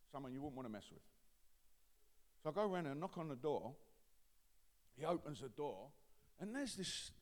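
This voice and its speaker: A high-voiced man with an East London accent preaches his testimony from a pulpit, his words ringing in a long hall reverb. He drops to a low confiding murmur, then climbs into full-throated shouts. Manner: swings from quiet confiding to loud shouting. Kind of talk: testimony sermon.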